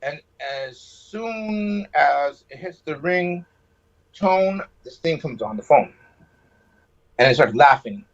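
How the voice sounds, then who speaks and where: A man's voice: on the high side, animated, slow pace. A man calling in by phone and telling a personal story, rambling and sarcastic, with a hot temper. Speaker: caller. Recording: muffled lo-fi phone line.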